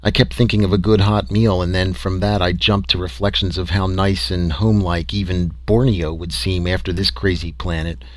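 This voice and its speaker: A man narrating a story in an expressive, dramatic reading style. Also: sits low, normal speed, few pauses, no echo. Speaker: audiobook narrator.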